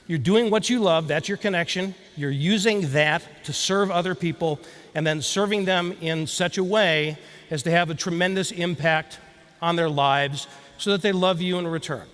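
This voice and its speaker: A man with a high voice gives a lively keynote talk, telling a story and turning to the crowd with questions. His voice rings with the long reverb of a large hall. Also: moderate pace. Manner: storytelling, animated, addresses audience directly. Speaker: keynote speaker. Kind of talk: motivational speech.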